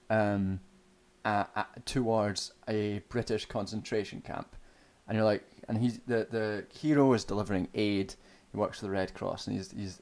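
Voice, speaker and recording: A man's voice: fairly low pitch, a little mellow. A young Scottish man streaming, ranting casually and sardonically about a film, swearing often and restarting his sentences. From Scotland. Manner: profane, sardonic, rambling with restarts.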